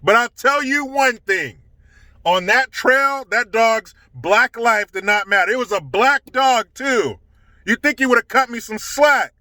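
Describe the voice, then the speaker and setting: A man's voice: very high voice, lively intonation, measured pace, sharp tone, no echo. A man telling a casual story to camera, indignant and swearing heavily. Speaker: storytelling vlogger.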